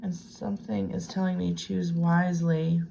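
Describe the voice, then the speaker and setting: A woman reads tarot casually at home near a piano desk, her low voice flat and fried at a moderate pace as she talks to herself and lapses into whispers. The recording is rough, with a little hiss or hum.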